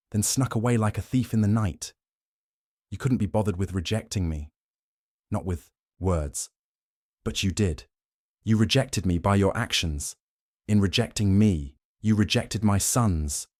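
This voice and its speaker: A fierce young werewolf Luna, as a man reads her, speaking in a cold, scornful, cutting way. The voice sits deep and low, and it sounds close and dry. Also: darkish tone, no room sound.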